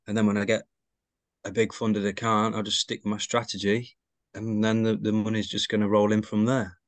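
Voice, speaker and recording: Flat-voiced man introducing himself plainly. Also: on the low side, normal speed, dry recording. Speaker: student in the class. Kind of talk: casual self-introduction.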